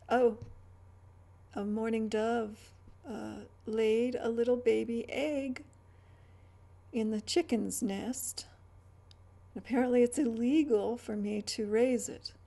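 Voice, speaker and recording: Middle-aged female vlogger, mellow gravelly tone, meandering chatty delivery with stammers. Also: fairly high pitch, fairly even intonation, slow. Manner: chatty, stammering restarts, trailing asides. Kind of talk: rambling casual chat.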